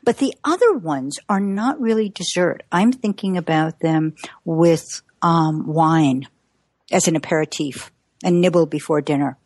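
Give me a woman in her sixties with a lowish voice, chatting with laughs in a dry room. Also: a little slow, darkish tone, dry recording. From United States. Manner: chatty, laughs often, many fillers. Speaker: cookbook author. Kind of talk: interview conversation.

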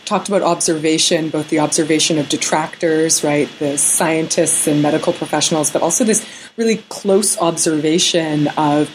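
A woman host asks her guest curious, engaged questions. Her voice is notably deep, and a faint hiss of background noise sits under the recording. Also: steady tone, moderate pace, rough recording. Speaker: interviewer. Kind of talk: conversational interview.

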